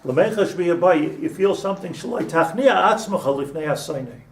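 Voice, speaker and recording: A man's voice: a little high, expressive, fairly quick. A man, a rabbi, giving an informal Torah class in a conversational way, mixing in Hebrew terms and restarting his sentences. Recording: roomy, distant mic with faint ambience.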